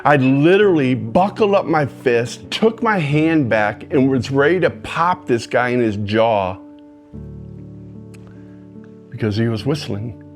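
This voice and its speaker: A man in his sixties tells a personal story in an ordinary mid-pitched voice. He swings from near whispers to loud, high bursts of feeling. Faint guitar music plays underneath. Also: lively intonation, unhurried, hardly any pauses. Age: 60s.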